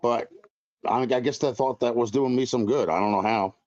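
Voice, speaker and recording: A man's voice: medium pitch, moderate pace, darkish tone, no room sound, highs cut off. A man chatting as a guest on a livestream, blunt and laughing often. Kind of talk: casual chat.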